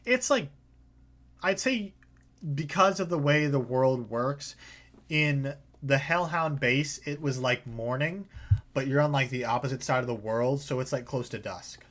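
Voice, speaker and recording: A man's voice: medium pitch, unhurried, a bit bright. A man narrating as game master in a tabletop game, casual with many fillers.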